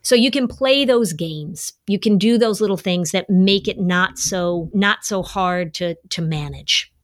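A woman's voice: mid-range voice, a little slow. A woman hosting an advice show, talking straight to listeners and telling stories from her work and family. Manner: storytelling, playful, acts out quoted voices. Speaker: podcast host, family advice. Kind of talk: casual advice talk to listeners.

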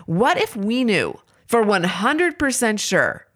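A woman's voice: mid-range voice, sing-song, slow pace, a bit bright. A woman speaking in a candid, self-examining way, giving a reflective monologue on faith and parenting.

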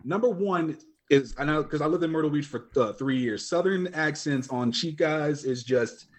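A man's voice: on the high side, normal speed. A young man chatting casually as a podcast guest, joking and loose, with plenty of fillers. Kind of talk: casual chat.

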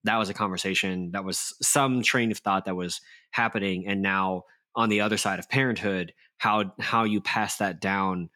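A man's voice: deep voice, fairly even intonation, moderate pace, few pauses, pushed and bright. A man co-hosting a podcast, talking in a reflective, casual way with playful asides. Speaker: podcast co-host.

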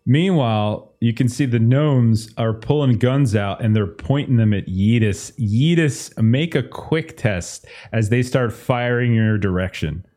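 A man's voice: medium pitch, unhurried, hardly any pauses, dark tone. A man narrating as game master of a tabletop game, casual, with many fillers and restarts.

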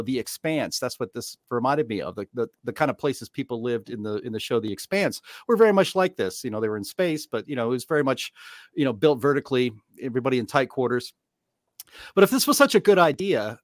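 A man co-hosting a casual political talk show, speaking in a sarcastic, animated way. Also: fairly high pitch, no echo, clean studio sound. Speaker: podcast co-host.

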